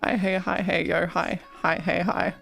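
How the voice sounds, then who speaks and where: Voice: mid-range voice, little pitch movement, measured pace, creaky, fairly bright tone, soft background music. A streamer bantering playfully, repeating greetings and laughing often. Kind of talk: casual banter between streamers.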